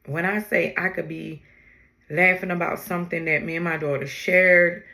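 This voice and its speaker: A grieving woman hosting her own podcast, talking in a halting, heartfelt way with many pauses and restarts. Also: on the low side, steady tone, creaky, pushed and bright. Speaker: podcast host. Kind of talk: personal podcast monologue.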